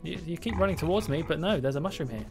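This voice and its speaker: A man's voice: a little high, lively intonation, fast talker. A man live-streaming gameplay, chatting playfully, mocking himself and talking to the game creatures and his viewers. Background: game music.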